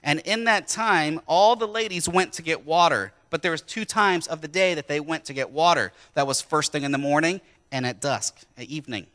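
A man's voice: fairly high pitch, moderate pace, few pauses, bright, forceful tone. A man from Wisconsin preaching a sermon in a church, talking to the congregation conversationally and with jokes. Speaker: pastor.

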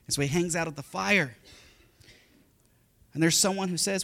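A middle-aged man delivers a sermon with a bright, ringing tone. His voice sits a touch high for a man, and he tells the story with animated energy, slipping in quick voices for the people in it. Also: vocal fry. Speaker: pastor.

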